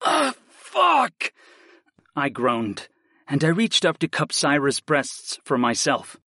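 Man, audiobook narrator, mid-pitched voice, steady measured reading, dry close mic. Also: no echo. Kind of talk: scripted first-person narration.

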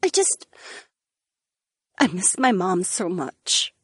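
A woman's voice: fairly high pitch, sing-song, a little slow, breathy edge, no room sound, clean studio sound, heavily acted. A woman voicing a shy teenage mermaid. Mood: earnest. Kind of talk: audiobook dialogue.

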